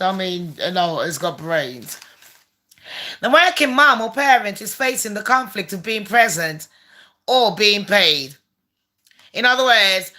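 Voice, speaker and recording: A woman's voice: mid-range voice, sharp tone. A woman hosting her own channel, reading a letter aloud and tearing into it with profane, mocking, sarcastic commentary. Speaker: channel host.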